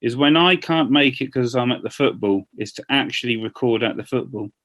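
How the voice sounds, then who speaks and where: A man's voice: mid-range voice, a little fast, fairly bright tone. A man co-hosting a podcast, chatting in a jokey, rambling way. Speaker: podcast co-host. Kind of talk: casual chat.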